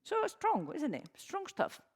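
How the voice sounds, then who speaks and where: A middle-aged woman from Spain with a Spanish accent, giving a lively, emphatic conference talk with frequent restarts. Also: sits high, takes it slowly. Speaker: conference speaker. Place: conference hall. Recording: long hall reverb.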